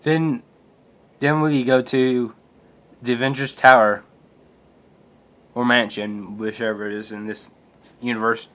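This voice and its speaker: A man's voice: mid-range voice, little pitch movement, unhurried, pauses often, fairly bright tone. A man casually retelling a comic book aloud, hesitant with restarts and fillers. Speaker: comic book reader and reviewer.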